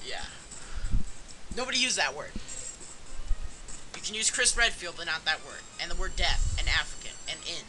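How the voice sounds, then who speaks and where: A man's voice: on the high side, big pitch swings, moderate pace, pauses often, bright, forceful tone, soft background music. A man co-hosting a video game let's play, teasing and joking in casual commentary. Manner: joking, teasing, playful bits and mock accents. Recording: noisy home recording.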